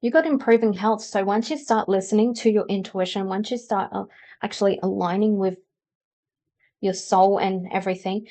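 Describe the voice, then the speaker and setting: A woman's voice: medium pitch, steady tone, moderate pace, dark tone. A woman doing a pick-a-card tarot reading, chatting and explaining directly to the viewer. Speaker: tarot reader.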